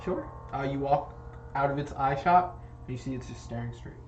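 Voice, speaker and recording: A man narrating as game master of a tabletop game, quick and offhand. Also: medium pitch, echoey room, highs cut off, slight background noise.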